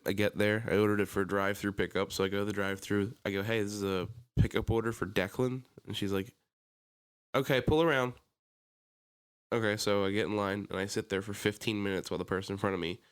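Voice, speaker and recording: Podcast co-host, male, low voice, lively ranting storyteller. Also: clean tone. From Pennsylvania. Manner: animated storytelling, acts out his own anger. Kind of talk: casual chat.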